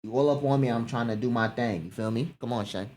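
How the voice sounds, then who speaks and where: A woman's voice: rumbling low, fast talker, a little mellow, a little hiss or hum. A woman streamer chatting casually and with lots of slang while she reacts live, scolding her dog between remarks. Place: home room.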